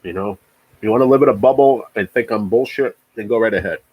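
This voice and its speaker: A man's voice: fairly low pitch, fast, slightly rough, dry recording, lo-fi sound. A man in his forties hosting a casual livestream chat, talking in an emphatic, profane rant and often repeating himself. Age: 40s. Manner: repeats words. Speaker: livestream host.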